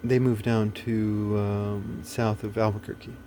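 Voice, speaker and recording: A video host with a low-leaning, mellow voice talks to the camera at a measured pace with little pitch movement. He's casual, rambling and blunt, with plenty of fillers, restarts and swearing, over slight background noise.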